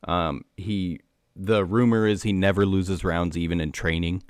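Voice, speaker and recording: Very deep-voiced man explaining eagerly. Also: fairly even intonation, unhurried, clean tone, dry recording, studio quality. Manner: enthusiastic explainer, many fillers like "um" and "like". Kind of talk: casual conversation.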